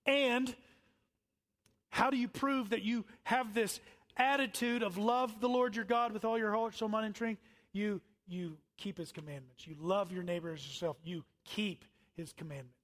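A middle-aged man preaching a sermon as pastor, moving between loud emphatic lines and soft, almost whispered ones. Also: sits high, fairly even intonation, normal speed.

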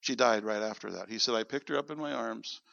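A man's voice: lowish voice, fast, gravelly, dry recording. A man preaching in church, telling a personal story and acting out the dialogue with animation. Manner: animated, acts out quoted dialogue. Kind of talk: sermon storytelling. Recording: dull lo-fi sound.

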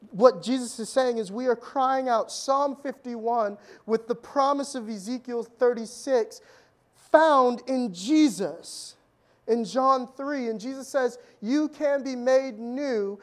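Pastor preaching with dramatic loudness swings. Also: mid-range voice. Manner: storytelling, swinging between loud emphasis and quiet intensity; conversational asides with light humor. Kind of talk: sermon.

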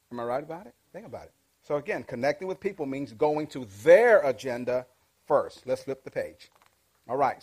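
An energetic man leads a leadership class with a voice that sits a little high. He keeps firing questions at his listeners and coaxing them to answer back, often bursting out loud. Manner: energetic, call-and-response with the audience. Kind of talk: interactive leadership teaching.

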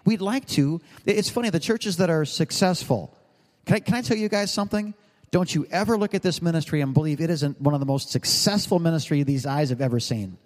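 A middle-aged man preaching to a congregation, his fairly high voice carrying a long reverb around a big church hall. He talks loosely and jokily, drifting into asides and teasing the room between his points. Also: brisk. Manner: conversational, joking, rambling preaching with asides to the congregation. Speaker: pastor. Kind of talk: sermon.

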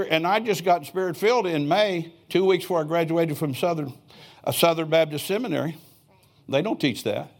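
An older man preaching a sermon in a church, telling stories in a folksy way with chuckling asides. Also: high voice. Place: church sanctuary.

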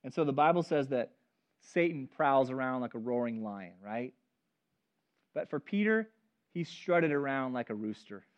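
A man preaching a sermon as pastor, telling stories in an animated, conversational way. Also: medium pitch, moderate pace. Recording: dull lo-fi recording.

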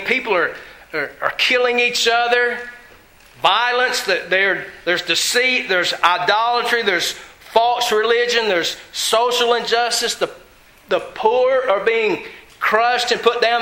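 A man's voice: high voice, bright, forceful tone, echoey room, poor audio. A man preaching a sermon in an earnest, conversational way, often asking his listeners questions.

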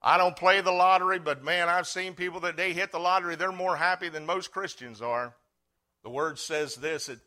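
A middle-aged man preaching a sermon, swinging between loud fervent cries and quiet earnest talk. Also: fairly high pitch, normal speed. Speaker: pastor.

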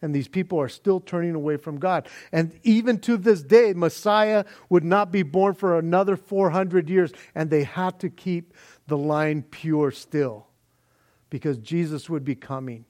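A man's voice: a little high, measured pace, a little mellow. A male pastor giving a sermon in a folksy, conversational way, explaining his passage at length. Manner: folksy, conversational, says "man" often; explains word meanings in long lists.

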